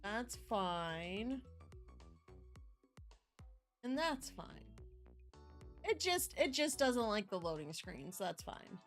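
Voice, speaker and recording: A woman's voice: medium pitch, big pitch swings, extremely slow, long pauses, faint music behind. A playful young woman streaming a game, chatting casually and humming along. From US West Coast. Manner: playful, bubbly, hums and voices characters. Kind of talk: casual gameplay commentary.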